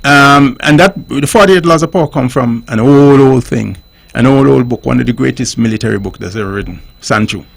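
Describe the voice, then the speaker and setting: A man talks on call-in radio. His voice is gravelly and a bit husky. He makes his points like a teacher and keeps asking whether the listener follows. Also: medium pitch, brisk, few pauses.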